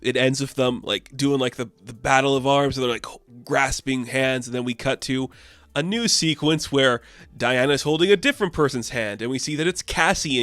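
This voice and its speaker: A man's voice: mid-range voice, a bit bright, no echo. A man reviewing comics in a casual, rambling way, with many fillers and the odd swear word.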